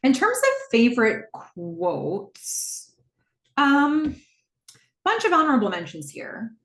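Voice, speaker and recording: Slowly and in a slightly high voice, a podcast host walks through a TV episode in a casual recap, with reverb on the audio. She performs characters' lines in shifting voices while retelling scenes and laughs often, lively and amused.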